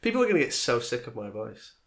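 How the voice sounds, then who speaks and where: A young man from England with a nasal voice hosts a loose, jokey podcast. His pitch swings widely as he laughs and slips into silly voices. The talk is casual banter between two university friends. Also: very animated, quick pace, vocal fry, a bit bright, a little hiss or hum. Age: young adult. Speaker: podcast host. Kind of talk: casual comedic chat.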